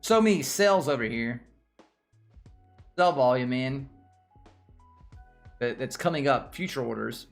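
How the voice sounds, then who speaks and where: A man's voice: medium pitch, lively intonation, measured pace, gravelly, pauses often, soft background music. Rambling Southern-accented male streamer. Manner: rambling, repeats himself, chats with viewers. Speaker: livestream host. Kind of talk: casual livestream chat about stocks.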